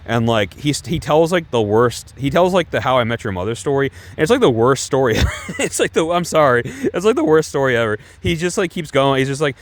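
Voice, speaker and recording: A man's voice: mid-range voice, lively intonation, brisk, hardly any pauses. A young man casually reviewing TV shows, chatty and rambling with many restarts. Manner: chatty, heavy use of "like" and restarts, laughing asides.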